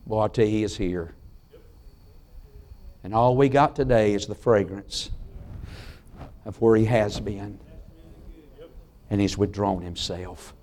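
A middle-aged man preaching a sermon in a church. He tells folksy stories and drops to a hush on key lines. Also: on the low side, slow pace, pauses often, slight background noise. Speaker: pastor. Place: church sanctuary.

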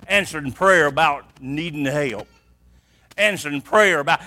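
A man preaching a sermon, swinging from hushed asides to shouted emphasis. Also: a little high, a little slow.

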